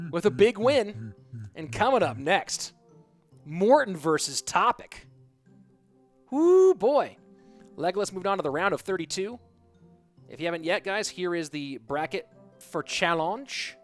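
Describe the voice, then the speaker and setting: A man doing live play-by-play esports commentary, quick and chatty, joking with his viewers between plays. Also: high voice, animated. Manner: quick, chatty, jokes with the audience. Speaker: esports caster. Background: music.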